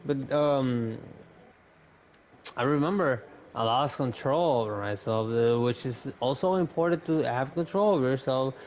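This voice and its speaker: A man's voice: mid-range voice, unhurried. A young man talking casually on a podcast, telling a long story and swearing as he goes. He acts out the lines of other people. The mic sounds dull and lo-fi, with faint hiss behind him. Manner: animated, swears often, acts out quotes. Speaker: podcast co-host.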